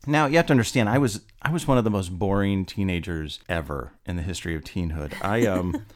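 Animated man telling a story. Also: deep voice, fairly quick. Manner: animated, laughs often, rising with indignation. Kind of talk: casual storytelling.

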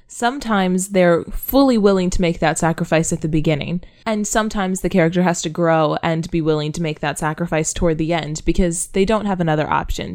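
A woman's voice: lowish voice, a little mellow. Playful woman podcast co-host. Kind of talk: casual conversational podcast.

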